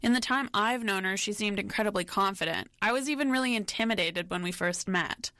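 A woman hosting a documentary, giving scripted narration in a measured, reflective way. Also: medium pitch, a bit bright, no room sound. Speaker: documentary host.

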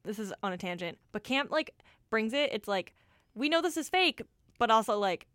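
A young woman co-hosts a radio show, talking in a lively, swooping voice as she shares opinions and laughs often. Her voice is a touch high and sounds dry and close. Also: moderate pace, no echo. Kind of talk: casual chat.

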